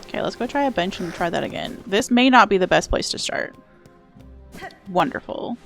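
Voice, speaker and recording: Lively young woman, casual gaming stream host, soft game music behind. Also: medium pitch, moderate pace, vocal fry. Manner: chatty and playful, reads and answers chat. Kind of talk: casual live-stream chat while gaming.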